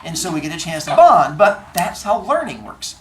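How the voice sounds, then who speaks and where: A male teacher talking to his class in a classroom, telling stories with deadpan comic exaggeration. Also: fairly high pitch, moderate pace. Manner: animated storyteller, acts out exchanges in comic voices. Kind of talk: classroom talk to students.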